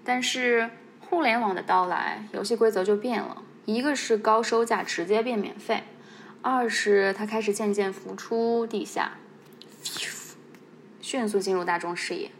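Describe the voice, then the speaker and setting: A woman hosts a podcast, talking her listeners through the subject in a relaxed, conversational way and dropping in playful asides. Her voice sits at a middle pitch, with a faint hiss behind it. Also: moderate pace. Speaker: podcast host. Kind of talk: casual podcast narration.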